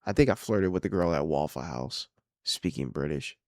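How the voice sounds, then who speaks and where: A man's voice: a bass voice, animated, normal speed, a little mellow, no echo, studio quality. A young man hosting a solo podcast, rambling casually with a lot of swearing and self-mocking asides. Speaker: podcast host.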